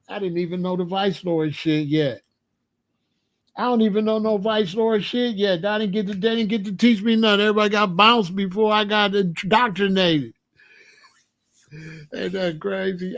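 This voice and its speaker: Animated profane male storyteller. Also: high-pitched, dry recording. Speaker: channel host telling a prison story. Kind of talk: casual storytelling monologue.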